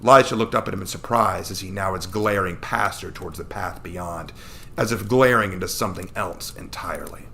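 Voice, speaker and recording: A man reading his own fantasy story aloud, narrating in a steady, plain way. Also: low voice, a little fast, vocal fry, slight background noise.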